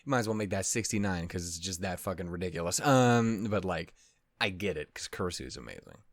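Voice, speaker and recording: A man with a fairly low voice wraps up a reaction video, talking loosely to his viewers. He swears constantly, rambles and mocks himself. His voice sounds close and dry, with no room around it. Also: lively intonation, fairly quick, no echo. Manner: rambling, profane and self-deprecating; easily sidetracked, loses his train of thought. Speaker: anime reaction host. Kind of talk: casual wrap-up chat to viewers.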